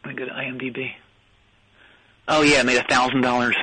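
A man's voice: mid-range voice, level tone, fast, bright, forceful tone, breathy edge, no room sound, poor audio. A man playing a goofy, boastful wannabe songwriter who calls into a comedy radio show, stammering and easily offended. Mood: chatty. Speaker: caller. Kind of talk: comedy call-in bit.

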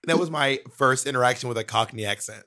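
Chatty man telling animated stories. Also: mid-range voice, fast. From Columbus, Georgia area. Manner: animated storyteller who slips into impressions. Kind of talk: casual chat.

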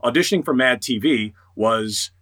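A middle-aged man, a voice actor, telling stories in a casual interview, animated and quick to mimic others. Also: mid-range voice. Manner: animated storyteller, quotes others in lively voices. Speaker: voice actor guest.

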